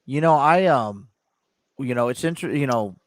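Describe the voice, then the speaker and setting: A man's voice: mid-range voice, lively intonation, normal speed, no room sound. Rambling male podcast host, dry sound. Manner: rambling, many fillers and restarts. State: stuffy. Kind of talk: casual chat. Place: home studio in his living room.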